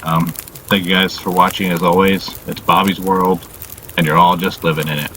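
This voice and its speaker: A man hosting a casual confessional vlog, weary and subdued, talking haltingly with lots of "you know" fillers and frequent swearing. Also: deep voice, little pitch movement, noisy background. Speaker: channel host.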